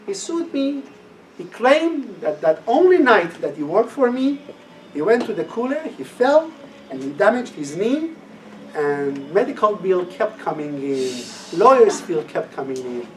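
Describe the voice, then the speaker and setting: A man tells a lively personal story to a class, acting out every quoted line. His pitch swings widely as he talks. He was recorded from a distance, with faint noise in the room. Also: a little slow. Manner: animated, acts out quoted dialogue, laughs at his own story.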